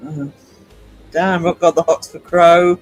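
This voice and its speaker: Chatty man, rather high. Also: level tone, slow, faint music behind, rough recording. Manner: rambling, chatty, laughs easily. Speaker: artist live-streaming. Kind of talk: casual chat with stream viewers.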